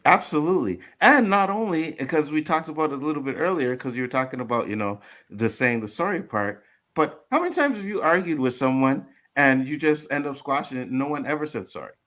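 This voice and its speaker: A man's voice: a little high, animated, brisk, fairly bright tone. A man co-hosting a casual panel talk show, talking loosely with frequent "you know what I mean" and occasional swearing, laughing easily.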